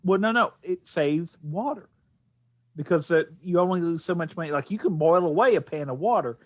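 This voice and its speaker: A man's voice: on the high side, animated, a little fast, no room sound, highs cut off. A man co-hosting a casual podcast, hesitant and full of ums. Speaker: podcast co-host. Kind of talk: casual chat.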